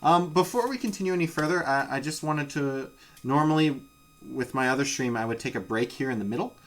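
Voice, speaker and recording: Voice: medium pitch, a little fast. A dungeon master chatting with the players on a live stream, laughing often and talking loosely. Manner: chatty, laughs easily, lively. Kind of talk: running a tabletop game on a live stream.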